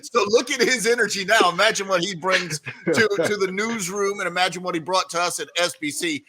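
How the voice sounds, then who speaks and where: A man hosting an interview, encouraging his guest with quick affirmations. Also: sits high, a crowd in the background. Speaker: host.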